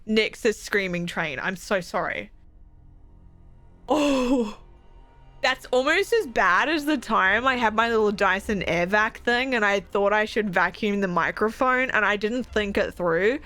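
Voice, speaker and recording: A young woman streaming a game, chatty and excitable, swearing freely. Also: mid-range voice, measured pace, faint music behind. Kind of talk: casual gameplay commentary.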